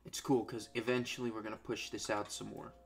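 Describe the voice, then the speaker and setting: A young man provides crude, sarcastic commentary on a strategy game, swearing constantly and swinging between low mutters and loud outbursts at his units. His delivery is flat and brisk, with vocal fry.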